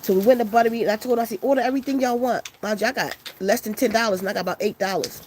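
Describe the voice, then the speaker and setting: A woman's voice: fairly high pitch, racing, a little hiss or hum. A woman casually telling a long story to her viewers, loose and profane, acting out the people in it. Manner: loose, profane, animated retelling with quoted voices.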